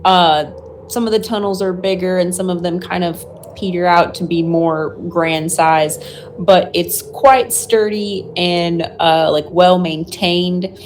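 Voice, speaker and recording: A woman's voice: fairly low pitch, takes it slowly, a little hiss or hum. A woman playing at a tabletop game, describing things in a rambling way full of fillers. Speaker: player.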